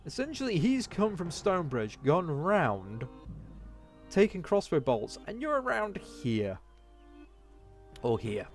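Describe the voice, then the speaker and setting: A man's voice: high voice, huge pitch swings, slow pace, long pauses, soft background music. A man reading a fantasy gamebook aloud, correcting himself as he goes and breaking off for chatty remarks. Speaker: gamebook let's-player.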